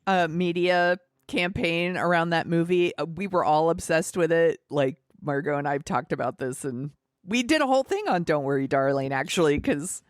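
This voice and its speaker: A woman co-hosting a podcast, recapping a film plot in animated, casual chat. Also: low-pitched, normal speed, no room sound, clean studio sound. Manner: chatty, animated recapping with laughs and fillers. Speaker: podcast co-host. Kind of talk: casual movie discussion.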